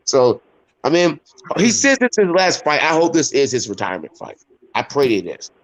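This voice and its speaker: A man's voice: medium pitch, wildly swooping pitch, normal speed, poor audio. A man who fights professionally, chatting on a podcast over a video call, rambling and swearing with lots of fillers. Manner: rambling and profane, heavy fillers. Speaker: professional MMA fighter guest. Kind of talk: casual podcast chat.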